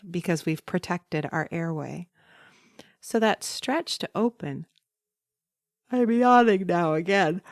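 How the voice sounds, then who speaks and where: A woman voice coach explaining breathing in a calm, instructive podcast monologue. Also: fairly low pitch, no room sound, clean studio sound.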